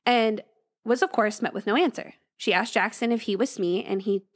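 A woman co-hosting a podcast, casually retelling a ghost story and lifting her voice for the quoted lines. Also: moderate pace. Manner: reads story aloud, voices quoted lines with raised pitch. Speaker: podcast co-host.

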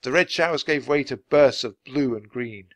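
A man reading a children's adventure book aloud, clear and steady for language learners. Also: medium pitch, moderate pace, no echo. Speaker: storybook reader.

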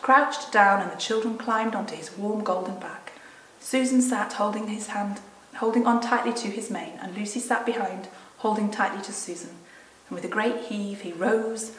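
A woman leading a Sunday school reads a story aloud to children and then explains it in a gentle, quiet voice. The recording is roomy and echoey, taken from a mic some distance away, with a faint hiss behind her. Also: mid-range voice. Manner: gentle and mostly quiet, lively in the exciting parts.

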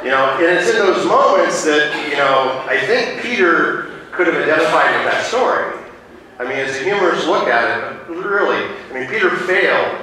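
With an animated, bright, forceful voice on the high side, a pastor preaches at a moderate pace in a church sanctuary. He wanders through stories with plenty of fillers and restarts, captured by a distant mic in an echoey room with slight background noise.

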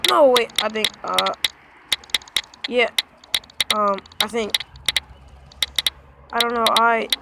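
A woman playing a texting game and reading its chat lines aloud in casual commentary, with animated, playful reactions. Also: on the high side, slow pace, vocal fry. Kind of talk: casual let's-play commentary. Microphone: phone microphone via screen recorder. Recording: loud noisy phone screen recording with clicks.

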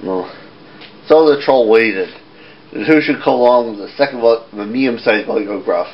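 A man's voice: mid-range voice, moderate pace, lo-fi sound. A man puppeteer telling fairy tales casually, rambling and restarting his lines. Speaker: puppeteer storyteller. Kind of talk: casual storytelling.

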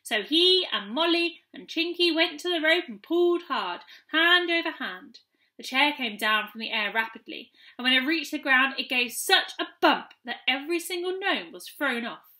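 A woman narrating a children's storybook in a clear, measured storytelling manner. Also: high-pitched, expressive, sharp tone. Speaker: audiobook narrator.

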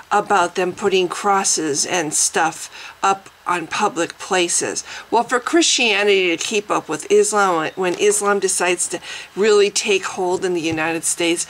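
A woman's voice: fairly low pitch, a bit bright, a little hiss or hum, low-quality recording. Indignant woman ranting. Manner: indignant, swearing, halting restarts. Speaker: vlogger. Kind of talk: angry reaction rant.

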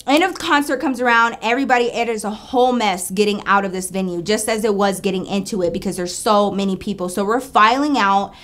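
A woman telling a story in a casual, animated monologue, acting out her friends' lines and talking straight to her audience. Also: medium pitch, brisk, few pauses. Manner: animated, chatty, acts out friends' voices, says "girl" and "y'all".

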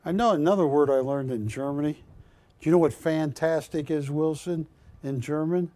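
An older man hosts a live shopping channel show, chatting, joking and pushing deals in a warm, slightly high voice at a moderate pace. It's a live TV sales pitch, recorded on a lapel mic in a TV studio with no echo.

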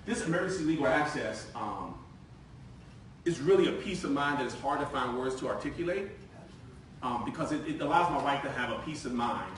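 A man in his forties giving a lively, joking live sales presentation to a room, talking conversationally. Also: medium pitch, brisk, a little hiss or hum. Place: meeting room with audience. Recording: very echoey room from far off.

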